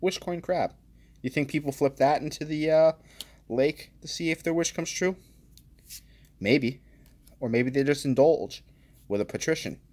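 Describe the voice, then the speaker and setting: Slow-talking man opening card packs. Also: a little high. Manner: jokey, reads card names aloud, bursts of excited exclaiming. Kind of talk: casual unboxing commentary.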